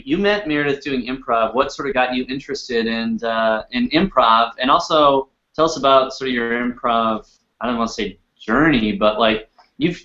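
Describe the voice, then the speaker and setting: Bright-voiced man hosting a stream. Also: medium pitch, highs cut off. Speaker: host. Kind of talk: casual livestream hosting.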